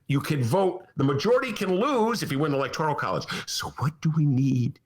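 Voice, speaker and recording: A man in his sixties hosting a political podcast from a studio, sarcastic and animated, laughing as he mocks. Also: a little high, a little fast. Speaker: podcast host. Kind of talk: satirical political talk.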